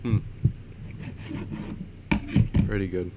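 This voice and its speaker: A man's voice: sits low, steady tone, extremely slow, very noisy. A young man vlogging, telling a rambling story in a casual way with lots of fillers and frequent chuckles.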